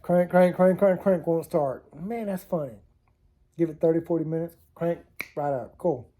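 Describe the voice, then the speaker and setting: Talking at a moderate pace in a slightly high voice with a dark tone, a man tells rambling, funny stories in a casual vlog and chuckles at himself. A camera mic on a tilting setup picks him up.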